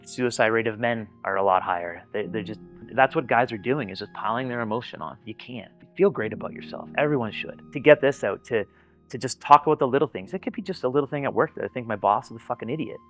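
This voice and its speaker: A man's voice: mid-range voice, fast, fairly bright tone, faint music behind. A man giving candid personal testimony in an interview, talking earnestly and bluntly, swearing freely and often repeating words as he starts a thought. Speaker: interviewee sharing personal experience.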